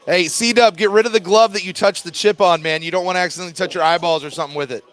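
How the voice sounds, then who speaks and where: A man's voice: high-pitched, fairly even intonation, fast, a bit bright. A man hosting a live call-in sports chat, upbeat and teasing his caller with frequent laughs. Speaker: host.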